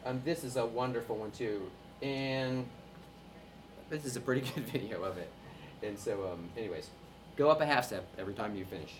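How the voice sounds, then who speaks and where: A man from North Carolina leads a music workshop for teachers in a chatty, upbeat way, laughing often between points. His voice sits at an ordinary middle pitch. Faint background noise runs under the talk. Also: brisk.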